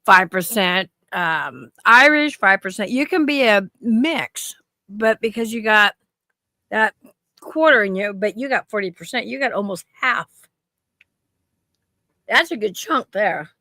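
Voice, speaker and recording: A woman's voice: medium pitch, lively intonation, unhurried, pushed and bright, no echo. A woman in her fifties, co-hosting a stream and telling rambling stories with frequent laughs. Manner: rambling storyteller, laughs often. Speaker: stream co-host. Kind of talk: casual chat.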